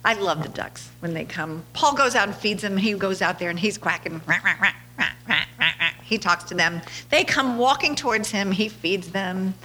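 A woman's voice: mid-range voice, expressive, moderate pace, hardly any pauses, pushed and bright, a little hiss or hum. A woman hosting a podcast, telling casual stories in a chatty way, laughing often and acting out quotes. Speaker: podcast host. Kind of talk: casual storytelling monologue.

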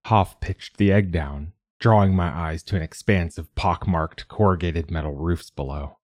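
A man narrating a novel in the first person with measured, steady delivery. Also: sits low, dry recording, clean studio sound. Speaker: audiobook narrator.

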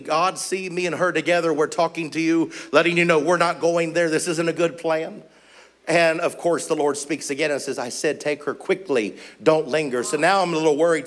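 Man, missionary preacher, storytelling sermon, slightly high voice, animated testimony. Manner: animated testimony, rising to urgent exclamations.

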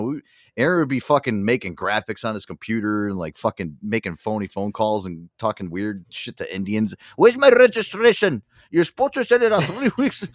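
A man's voice: lowish voice, dry recording, clean studio sound. A man hosting a podcast, telling crude stories in casual chat and laughing often. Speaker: podcast host.

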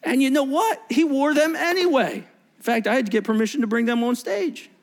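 A middle-aged man preaching a sermon as pastor, telling stories with voiced quotes and dropping to a hushed near-whisper for emphasis. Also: extremely high pitch, fairly quick. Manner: animated storytelling with voiced quotes and asides.

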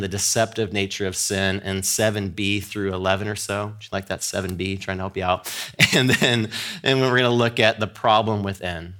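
A man's voice: fairly low pitch, sharp tone. A man preaching a sermon in an earnest, emphatic way, often restarting his words as he builds a point.

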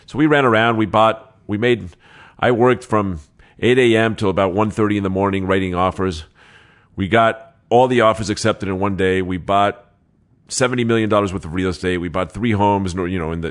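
A man who is a real estate agent, telling anecdotes in an interview, lively and laughing, quoting people as he goes. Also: low-pitched, a little fast. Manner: animated anecdotes with laughs and quoted dialogue. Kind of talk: interview storytelling.

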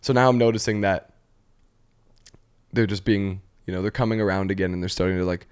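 A man's voice: deep voice, fairly even intonation, brisk, clear, resonant tone. Rambling young man on a podcast. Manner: rambling storyteller, full of 'like', acts out voices. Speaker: podcast host. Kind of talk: casual chat.

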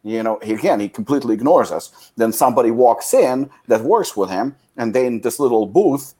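Animated, swearing man telling a story. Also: medium pitch, a little fast, husky. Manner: animated storyteller, swears a lot, acts out quotes loudly. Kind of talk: casual chat.

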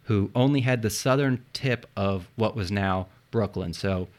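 A man's voice: on the low side, measured pace. A man hosting a casual history podcast, explaining events with jokes and swearing, spelling tricky names aloud. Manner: joking, swears, spells words out loud. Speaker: podcast host telling history.

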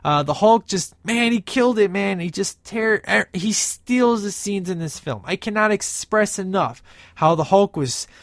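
A man's voice: sits high, expressive, unhurried, no room sound, studio quality. A man giving a casual, enthusiastic movie review, rambling with many fillers and restarts.

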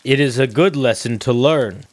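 A man playing a guard in a tabletop game, speaking in a stiff, formal, deadpan way. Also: medium pitch, normal speed, dry recording. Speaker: player voicing a guard. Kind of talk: in-character tabletop role-play.

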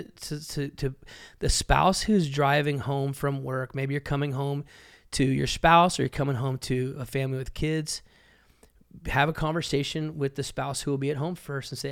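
A man's voice: on the high side, steady tone, normal speed. A man co-hosting a podcast as a pastor, talking casually with blunt jokes and preachy asides.

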